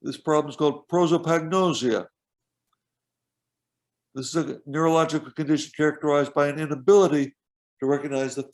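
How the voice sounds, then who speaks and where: A man lecturing over a video call, explaining slides in a measured, careful way and pausing as he points things out. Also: fairly high pitch. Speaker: professor giving a lecture.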